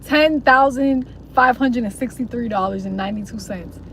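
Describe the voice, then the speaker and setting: At a normal speed and fairly high pitch, a young woman chats casually to her stream, rambling in slang, cursing freely and putting on mocking voices. The recording is low quality with a faint hiss or hum.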